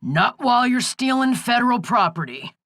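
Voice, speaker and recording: A woman's voice: fairly high pitch, big pitch swings, moderate pace, a bit bright, no room sound, studio quality, voice pushed up. A woman doing a blustering, bullying male sheriff. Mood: barking. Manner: blustering, profane, barking orders. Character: angry bullying male small-town sheriff. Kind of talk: audiobook character voice.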